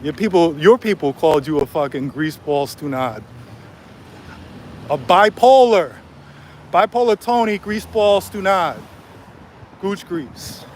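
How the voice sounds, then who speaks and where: A man's voice: sits high, a little slow, pauses often, a little hiss or hum. A man ranting angrily on a livestream from a city street, swearing and taunting a rival, recorded on a cell phone. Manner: angry, profane, taunting.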